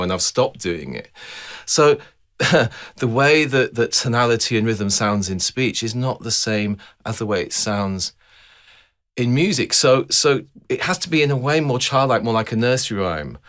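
A man with a somewhat low voice talks through ideas about music like a teacher addressing a camera. His delivery is conversational and thoughtful, with frequent restarts and questions put to the listener. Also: animated, measured pace, fairly bright tone. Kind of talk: explanatory talk to camera.

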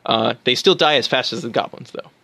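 A man's voice: medium pitch, a little fast, vocal fry, pushed and bright. A man co-hosting a casual podcast about tabletop games, talking enthusiastically with fillers and restarts. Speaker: podcast co-host.

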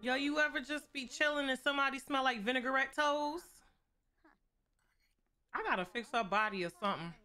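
A woman's voice: sits high, moderate pace, long pauses, pushed and bright, soft background music. A young woman streaming a life-sim game, joking with her chat in a playful, slangy, casual way. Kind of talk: casual gameplay commentary.

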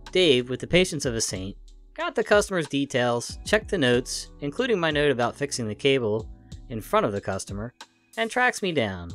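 A man narrating funny internet stories in a lively, expressive way. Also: mid-range voice, normal speed, soft background music. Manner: lively, expressive, acts out the dialogue. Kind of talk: reading internet stories aloud.

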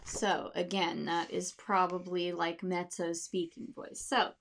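A woman's voice: on the low side, little pitch movement, a little slow, gravelly, a bit bright, a little hiss or hum. A woman music teacher explaining how to teach music with storybooks, demonstrating sounds and voices for her students.

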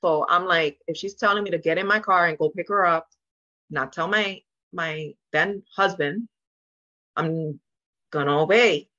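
Speaking at a measured pace, a woman guest on an open, sit-down podcast tells her story with feeling and sincerity, mimicking the people she quotes. Her fairly low voice comes across bright and forceful through a somewhat dull, lo-fi recording.

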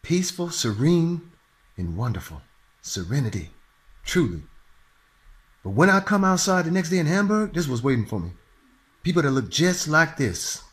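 A man in his thirties from Los Angeles telling a profane, animated story in a vlog rant. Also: a little high, moderate pace, long pauses. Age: 30s. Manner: animated, profane, acts out voices. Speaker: vlogger.

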